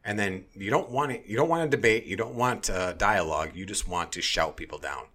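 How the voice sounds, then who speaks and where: Male podcast host, low register, blunt and profane, heated off-the-cuff delivery. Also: fairly quick, bright, forceful tone. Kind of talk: casual opinionated chat.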